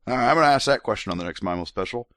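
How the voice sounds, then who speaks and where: A man's voice: medium pitch, lively intonation, racing, fairly bright tone, no room sound, clean studio sound. A man hosting a podcast in a casual monologue, a little drunk, rambling and laughing with many restarts. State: tipsy from drinks. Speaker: podcast host.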